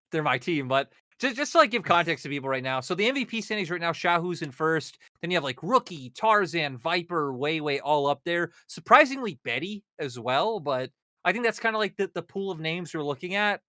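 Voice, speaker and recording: A man co-hosting an esports panel, talking in excitable bursts with plenty of fillers. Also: a little high, no room sound, clean studio sound. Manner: animated, excitable, quick bursts. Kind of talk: casual analytic chat.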